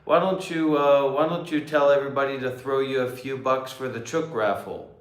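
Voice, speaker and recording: A man who is a meditation teacher hosting a livestream, talking in a playful, unhurried way. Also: mid-range voice, steady tone. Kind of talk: casual chat. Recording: echoey room.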